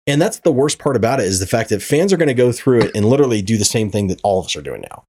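A man's voice: lowish voice, sing-song, very fast, darkish tone, a little hiss or hum. A man hosting a podcast, ranting in casual chat, swearing freely and stumbling over repeated words. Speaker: podcast host.

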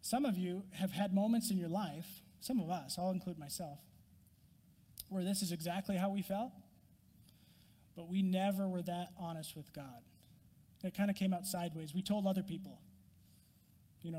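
A man's voice: high voice, moderate pace, pauses often, dark tone, long reverb tail. A man preaching a sermon, emphatic and honest, acting out Job's complaints to God with rising intensity and dropping to whispers. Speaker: pastor.

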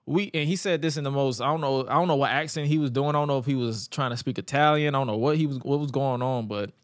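A man co-hosting a podcast and recapping wrestling in a casual, animated way. He stammers and acts out quotes. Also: medium pitch, fast, no room sound, studio quality. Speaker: podcast co-host.

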